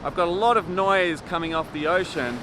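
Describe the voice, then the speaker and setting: A man's voice: high-pitched, a little fast, background noise. Upbeat man teaching filmmaking on lapel mic. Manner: upbeat, conversational and explanatory. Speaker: filmmaking tutor. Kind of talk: instructional video talk to camera.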